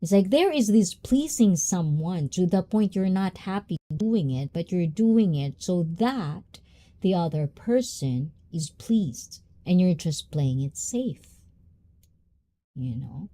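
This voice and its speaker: Female host, slow and reflective, filler-heavy casual chat; low, mellow voice. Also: expressive. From Japan. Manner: reflective, drawn-out, with many fillers and asides. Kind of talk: casual live-stream chat.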